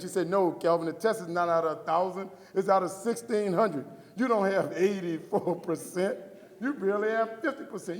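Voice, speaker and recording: A middle-aged man giving an inspirational keynote speech, telling a story and acting out the dialogue with a preaching cadence. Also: high-pitched. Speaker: motivational speaker. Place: large hall before a live audience. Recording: echoey hall from far off.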